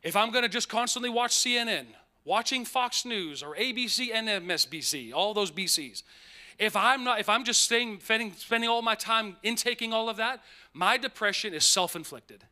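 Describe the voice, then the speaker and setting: A pastor preaches a sermon in a high voice, animated and emphatic. He slows down on key phrases and drops in playful asides.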